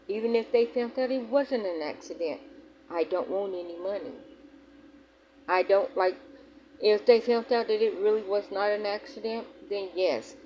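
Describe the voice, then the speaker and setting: A woman's voice: mid-range voice, dark tone, rough recording. Young woman, frank vlogger, emphatic with restarts, faint room hum behind. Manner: candid, emphatic, rambling with restarts. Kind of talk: personal vlog talking to viewers.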